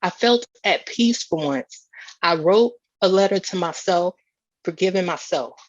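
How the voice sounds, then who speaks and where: A woman's voice: fairly low pitch, animated, a little slow, no room sound, highs cut off. Earnest woman giving testimony talk. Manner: earnest, repetitive emphasis. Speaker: keynote speaker.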